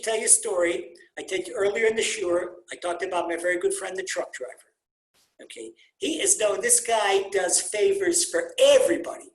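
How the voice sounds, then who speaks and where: A rabbi teaching an informal Torah class on a video call, telling stories with animated, repeated emphasis and Hebrew terms mixed into his English. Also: high voice. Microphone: computer mic on a video call. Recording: roomy echo on a video call.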